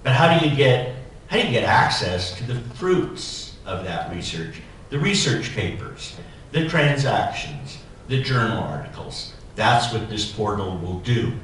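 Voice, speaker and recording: A man's voice: lowish voice, big pitch swings, a little slow, a bit bright, a little hiss or hum. Echoey, distant man telling a humorous story. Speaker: society president giving a keynote. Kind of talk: keynote speech with personal anecdote. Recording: echoey hall, voice from far off.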